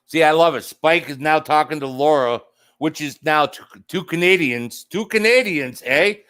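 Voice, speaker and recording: A man's voice: fairly high pitch, moderate pace, a bit bright, clear, resonant tone. Rambling, jokey man hosting a livestream. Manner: rambling, jokey, reads out viewer comments. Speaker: livestream host. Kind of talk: casual livestream chat.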